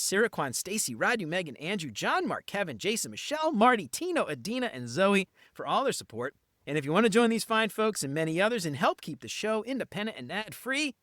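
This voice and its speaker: Upbeat and keen, this male podcast host mixes casual interview talk with a show promo, dropping casual slang along the way. His voice is high and a bit bright, with studio quality and no room sound.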